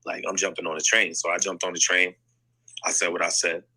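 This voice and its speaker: A deep-voiced man tells a story in a casual voice chat. His voice sounds husky yet very bright. He talks bluntly and swears a lot, with fillers everywhere. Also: little pitch movement, brisk, rough recording. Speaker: guest rapper telling a story. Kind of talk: casual chat in an audio chat room. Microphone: phone mic in an online audio room.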